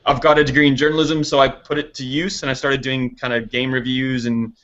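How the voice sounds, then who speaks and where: Bright-voiced man chatting casually. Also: medium pitch, little pitch movement, brisk, lo-fi sound. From Canada. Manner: chatty, self-deprecating, lots of "like" fillers. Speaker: guest, gaming website founder. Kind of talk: casual chat.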